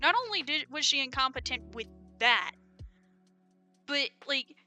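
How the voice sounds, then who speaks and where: Faint music plays behind this young American streamer, whose high voice is expressive, unhurried, pushed and bright. With an American accent, she rambles through an opinionated livestream rant packed with fillers.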